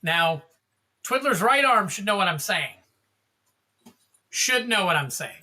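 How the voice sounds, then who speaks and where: A man's voice: sits high, sing-song, a little slow, sharp tone. A man hosting a card-opening livestream, chatting in a rambling, jokey way and calling out cards as he opens them. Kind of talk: casual livestream chat.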